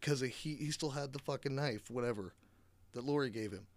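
A man's voice: medium pitch, normal speed, no echo. A man giving a casual, rambling movie recap, swearing often, sarcastic and full of fillers, on a close mic. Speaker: movie reviewer.

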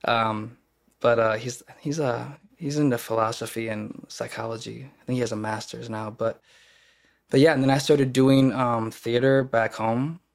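A man's voice: medium pitch, steady tone, moderate pace, vocal fry. A young man from the US Midwest, an actor talking casually as a podcast guest, rambling with many fillers and restarts. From Kenosha, Wisconsin, US Midwest. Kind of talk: casual conversation.

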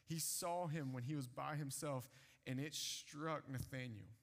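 A man's voice: mid-range voice, unhurried. A man preaching a sermon, retelling scripture in casual everyday speech. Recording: long hall reverb.

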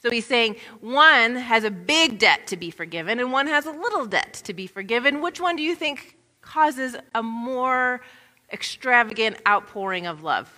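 A woman giving an expressive Bible teaching, acting out the scenes she describes. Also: a little high, normal speed, in a large hall. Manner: expressive, acts out scenes in quoted voices.

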